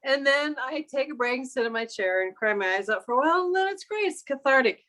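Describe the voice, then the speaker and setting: A woman painter talking candidly while she demonstrates her work, quick to laugh at herself. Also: high-pitched, lively intonation, a bit bright. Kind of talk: casual chat while painting.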